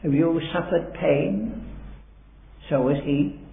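A man's voice: fairly high pitch, fairly even intonation, slow, a little hiss or hum. A man preaching a sermon, expounding Bible verses earnestly and building to dramatic emphasis in a large hall. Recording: echoey hall on a tinny old recording.

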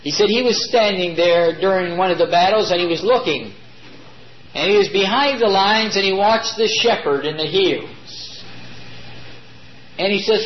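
A man preaching a sermon to his congregation, emphatic and drawing key words out slowly. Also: high-pitched. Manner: addresses congregation as "beloved". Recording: dull lo-fi recording.

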